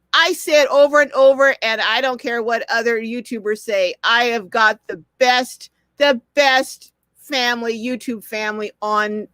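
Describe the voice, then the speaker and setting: High-voiced older woman greeting live viewers. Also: pushed and bright, no echo. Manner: chatty, effusive greetings to viewers. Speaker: host of a live stream. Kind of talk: casual live-stream chat, reading comments.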